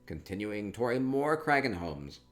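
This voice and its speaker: A man chatting casually through a tour of a game, upbeat and quick to repeat himself, with soft laughs between remarks. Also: fairly low pitch, big pitch swings, soft background music. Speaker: gaming streamer touring player-built homes. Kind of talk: casual gameplay commentary.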